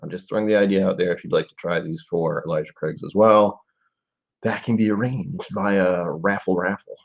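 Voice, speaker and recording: A man's voice: low-pitched, steady tone, normal speed, gravelly, lo-fi sound. A man in his forties hosting a casual live-stream tasting, musing aloud and rambling with trailing asides. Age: 40s.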